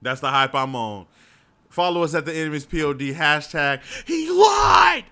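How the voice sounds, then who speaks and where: Podcast co-host, male, high and lively voice with a bright edge, laughs and swears a lot. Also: clear, resonant tone. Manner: animated, laughing, swearing, mimicking wrestlers. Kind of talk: casual wrestling recap chat.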